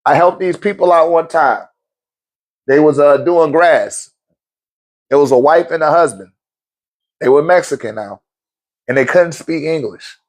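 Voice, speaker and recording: A male host runs a casual Q&A, telling a story bluntly with lots of swearing and frequent laughter, his mood swinging lively. His voice is fairly high, his pace unhurried, and he pauses often.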